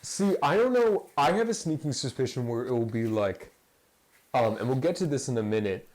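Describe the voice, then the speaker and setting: A male podcast host chatting casually about a show he loves. His pitch swings a lot as he rambles and jokes, and he keeps the talk loose and unscripted. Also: moderate pace, low-quality recording. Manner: rambling, lively, jokey. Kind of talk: casual fan chat.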